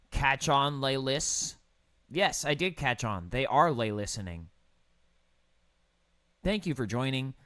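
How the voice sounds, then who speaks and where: A young man casually commentating over a building game, riffing deadpan puns on place names. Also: medium pitch, dry recording. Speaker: gaming streamer.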